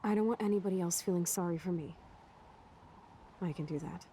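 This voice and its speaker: A woman's voice: on the low side, a little fast, warm tone, a little hiss or hum, natural voice. An actress voicing a blunt, wry young woman in a video game, talking in a frank, sardonic way. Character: blunt, wry young woman, teenage girl's best friend.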